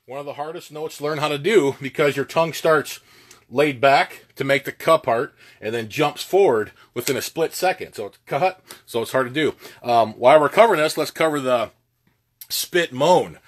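A man's voice: a little high, normal speed. A man giving a casual lesson on goose calling, plainspoken and folksy, with plenty of filler words. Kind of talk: casual instructional talk.

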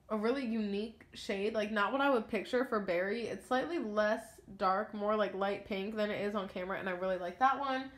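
A woman's voice: a little high, fairly bright tone. A young woman vlogging casually about her makeup, rambling with ums and a bit sniffly from feeling unwell. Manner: chatty, rambling, trailing off with ums. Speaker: beauty vlogger. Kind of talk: casual makeup declutter chat. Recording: echoey room with faint noise.

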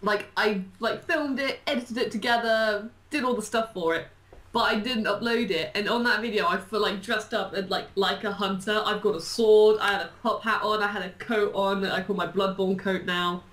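A woman's voice: medium pitch, fairly even intonation, normal speed, fairly bright tone. A woman chatting casually as a YouTuber being interviewed, bubbly and rambling. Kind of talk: casual chat. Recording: echoey room.

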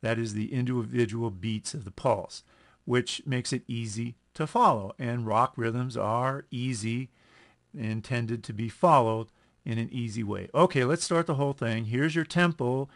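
Slow-talking male music teacher. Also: medium pitch. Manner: slow, explanatory, self-correcting, counts beats aloud. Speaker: music instructor. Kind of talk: screen-recorded music lesson.

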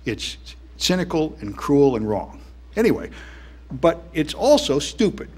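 Husky, wry man giving a conference talk. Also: on the high side, big pitch swings, unhurried, darkish tone. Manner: wry, dismissive, conversational with many fillers. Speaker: conference speaker. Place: conference hall.

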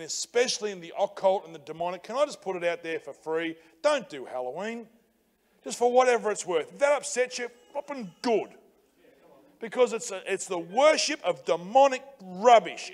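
A man with an Australian accent preaching a sermon as pastor, energetic and colloquial, swinging between loud exhortation and hushed prayer. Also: high-pitched. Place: church.

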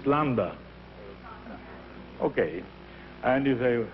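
A man's voice: mid-range voice, unhurried. An older man with an Italian accent, leading an opera workshop in English as a non-native speaker, acting out scenes and voices as he teaches. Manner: animated, acts out scenes and voices while teaching. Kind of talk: teaching and storytelling. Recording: dull lo-fi archival recording with faint noise.

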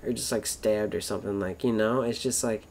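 A man's voice: lowish voice, fairly even intonation, brisk, creaky, a little mellow, a little hiss or hum. A man rambling through a casual monologue, swearing constantly, wandering between thoughts and trailing off mid-sentence. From Florida.

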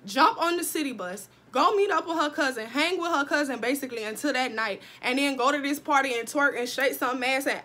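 High, bright-voiced young woman telling a story. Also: brisk, hardly any pauses. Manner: animated, profane, talks straight to viewers. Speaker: vlogger. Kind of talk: casual storytime.

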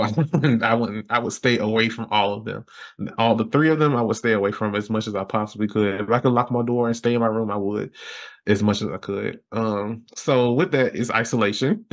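Animated young man telling his story. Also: medium pitch. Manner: animated, laughing, acting out his own past lines. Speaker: podcast guest. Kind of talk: personal storytelling.

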